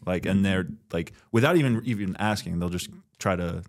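A man's voice: deep voice, moderate pace. A man co-hosting a casual podcast, talking bluntly about dating. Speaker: podcast co-host. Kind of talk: casual chat.

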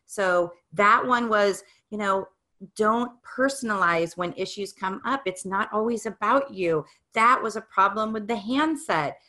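A woman's voice: mid-range voice, measured pace, bright, forceful tone. A middle-aged woman giving an upbeat, encouraging motivational talk, coaching the listener. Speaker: speaker on growth mindset.

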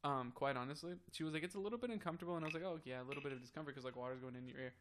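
A man's voice: medium pitch, level tone, rapid-fire, fairly bright tone, slight background noise. A young man co-hosting a casual podcast chat, rambling through a story and acting out what everyone said. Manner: rambling storyteller, acts out quoted dialogue. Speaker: podcast co-host.

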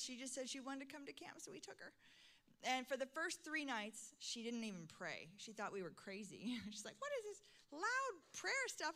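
A middle-aged woman pastor with a somewhat high voice preaches a sermon, moving between soft, intimate lines and loud, emphatic calls.

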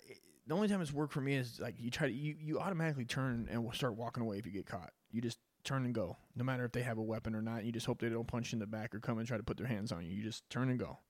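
A man's voice: mid-range voice, a little mellow, no room sound. A man giving a rambling, profane monologue as a podcast host, tossing "dude" into nearly every sentence. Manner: crude, rambling, says "dude" constantly.

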